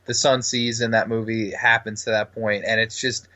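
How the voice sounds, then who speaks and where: A podcast co-host with a fairly low, level voice talks movies at a moderate pace, his tone sharp. He's casual and enthusiastic, eagerly acting out his favorite lines.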